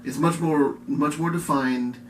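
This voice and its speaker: A man's voice: a little high, fairly even intonation, a little slow, recorded from a distance. A man in casual chat as a podcast co-host who agrees readily, echoing his partner and restarting his sentences. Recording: echoey room with clear background noise.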